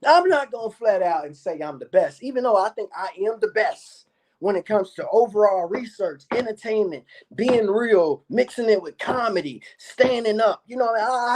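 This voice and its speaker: A man's voice: high voice, expressive, normal speed, darkish tone. A man delivering a profane, boastful monologue to his viewers as a YouTube commentator, repeating himself and cursing often. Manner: boastful, repetitive, swears a lot.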